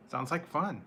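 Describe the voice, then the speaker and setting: A man with a medium-pitched, slightly bright voice hosts a casual food-review livestream, with a bit of hiss or hum in the audio. He chats with viewers, laughs often and greets people by name.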